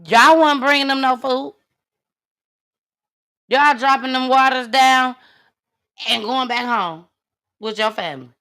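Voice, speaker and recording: Outspoken woman host, bright and unhurried. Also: high voice. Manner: outspoken, blunt and exasperated. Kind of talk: casual commentary on a live show.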